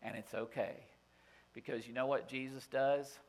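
A middle-aged man preaching a sermon, telling stories in a folksy, conversational way and dropping to a hushed voice for tender moments. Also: medium pitch, steady tone, moderate pace. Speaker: pastor.

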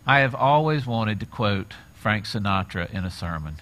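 A middle-aged male pastor preaching a sermon, retelling scenes with lively acted-out quotes. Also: on the low side, normal speed. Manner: animated storytelling, acts out quoted voices.

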